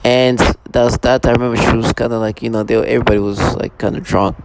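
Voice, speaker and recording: A man of middle pitch with a rough, gravelly edge tells his story in a rambling solo monologue. He stops and restarts constantly, piling up fillers. The home recording carries heavy noise and clicks. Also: little pitch movement. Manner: halting, many restarts and repeated fillers. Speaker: vlogger.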